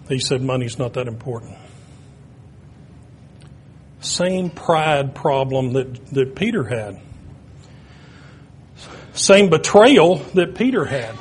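A man's voice: a little high, slight background noise. Emphatic man preaching a sermon. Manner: storytelling, rising to loud emphatic peaks.

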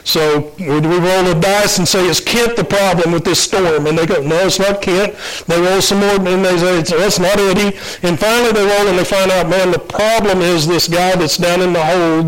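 A man's voice: sits high, fairly bright tone, rough recording. A man preaching an informal sermon, retelling a Bible story in a casual, conversational way with frequent fillers and restarts.

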